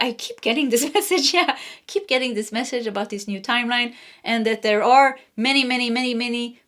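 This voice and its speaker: Chatty woman doing a tarot reading. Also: on the high side. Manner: warm, chatty, laughs often, many fillers. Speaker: tarot reader. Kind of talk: casual spoken tarot reading.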